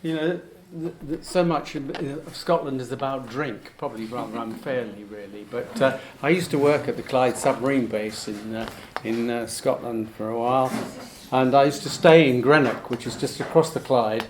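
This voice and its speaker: A man telling a rambling anecdote at a folk club with chuckles along the way. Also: mid-range voice. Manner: rambling, chuckling, slows down to recite. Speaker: folk club performer reading a poem. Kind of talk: anecdote and humorous poem recitation. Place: folk club room with an audience.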